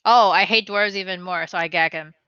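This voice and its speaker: A woman's voice: fairly low pitch, steady tone, a little fast, very noisy. A young woman playing a tabletop game, speaking bluntly and sarcastically in character. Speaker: player. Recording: dry, dull lo-fi sound.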